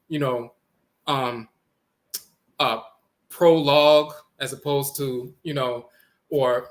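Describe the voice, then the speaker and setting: Pointing to text on a screen, a lecturer on language origins explains how words change, speaking deliberately, spelling out letters, and saying each word twice. His voice is fairly high-pitched, with a bright, forceful edge.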